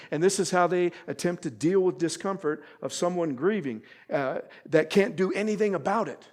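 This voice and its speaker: Impassioned male preacher, fairly high voice. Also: normal speed, hardly any pauses. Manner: swings from loud emphatic appeals to quiet intimate asides; acts out quoted speech with strong feeling. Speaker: pastor. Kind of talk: sermon.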